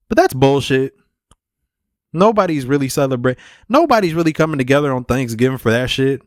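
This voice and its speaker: A man's voice: on the high side, very animated, normal speed, pauses often, no echo. Young male podcaster, loose and profane, chatting alone on a dry close mic. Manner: profane, rambling, laid-back. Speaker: podcast host. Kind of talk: casual solo podcast chat.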